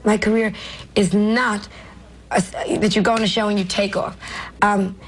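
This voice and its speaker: A woman's voice: medium pitch, flat delivery, normal speed, poor audio. An older woman, a comedian with a New York accent, telling stories in an interview with brash, self-mocking asides. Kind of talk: interview storytelling.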